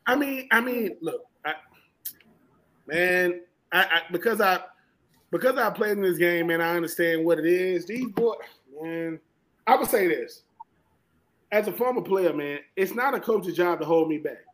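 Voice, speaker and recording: A man from Georgia with a Southern American accent, a former college football player talking football as a guest in an animated, emphatic way and often repeating himself. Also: high voice, a little slow, poor audio. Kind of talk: casual sports talk.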